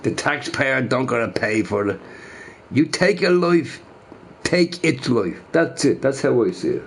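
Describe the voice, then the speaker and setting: A man's voice: medium pitch, animated, unhurried. A man ranting casually to his chat, repeating himself emphatically. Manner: emphatic, repeats phrases, says bro a lot.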